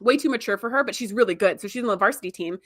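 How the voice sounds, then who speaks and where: A woman's voice: mid-range voice, very fast, a bit bright. A woman podcast host casually retelling a TV episode in a chatty, rambling way, full of "like" and "you know". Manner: chatty, filler-heavy storytelling with many "like"s.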